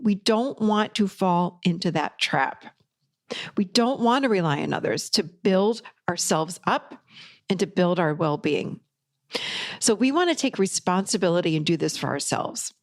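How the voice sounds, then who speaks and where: A woman's voice: mid-range voice, animated, moderate pace. A middle-aged woman, a podcast host and life coach, giving an upbeat, encouraging motivational talk with emphatic delivery.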